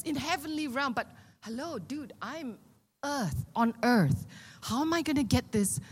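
A woman in her sixties preaching a sermon. She is animated, asks the congregation questions and drops in joking asides. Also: a little high, slightly rough. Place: church hall with a congregation. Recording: long reverb of a large hall.

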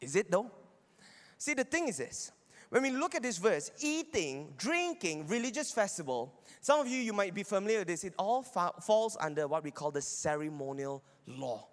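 A Bible teacher's high-pitched, sing-song voice comes at normal speed, echoing with long hall reverb. In his teaching sermon he pushes his arguments and keeps asking listeners "right?"

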